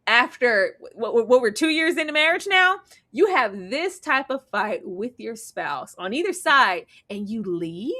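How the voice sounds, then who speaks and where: A woman's voice: sits high, expressive, unhurried, sharp tone. A woman co-hosting a TV review show, chatting casually and animatedly, often laughing and exclaiming.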